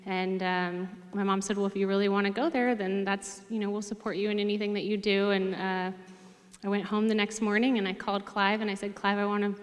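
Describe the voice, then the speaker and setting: A middle-aged woman, a former player and coach, telling lively stories with many fillers in an interview. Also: medium pitch, brisk. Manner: animated storyteller, many fillers. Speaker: hall of fame inductee, former player. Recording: reverberant hall.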